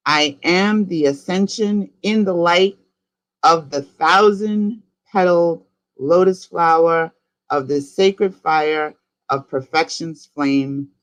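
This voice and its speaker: A man from New York with a New York accent, a spiritual coach leading listeners through slow, rhythmic chanted decrees for them to repeat. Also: on the high side, a bit bright.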